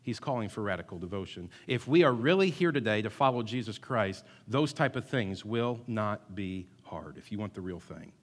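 A man's voice: fairly low pitch, lively intonation, normal speed, hardly any pauses. A man preaching a sermon as pastor, emphatic and repetitive, at times rising to call-and-response with the congregation. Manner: emphatic, builds to loud call-and-response, repeats words. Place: church sanctuary. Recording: long hall reverb.

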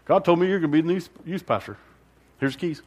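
A man doing a brief impression of an upbeat male pastor who hands off a job in a few quick, breezy sentences. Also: fairly high pitch, a little mellow, voice pushed up, close to an everyday voice. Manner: breezy, abrupt. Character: brisk upbeat male pastor handing off duties.

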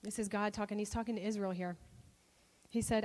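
A woman preacher telling a personal story in a sermon, animated and expressive. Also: mid-range voice, fairly quick, long reverb tail.

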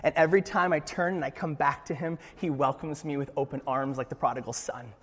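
A young man preaching a sermon in an animated, joking way, with frequent restarts. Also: a little high, fairly quick, big-room sound. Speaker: pastor.

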